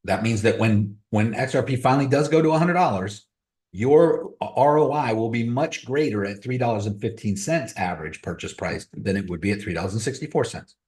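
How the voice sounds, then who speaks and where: A man's voice: on the low side, animated, brisk, darkish tone, echoey room. A man hosting a crypto trading webinar, giving blunt, motivational advice in casual live-stream talk. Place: room on a video call.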